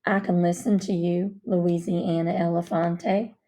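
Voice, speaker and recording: A woman voicing a soft-spoken male minister in a storybook reading, calm and measured. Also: lowish voice, pitched below the performer's own voice, natural voice. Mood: gentle.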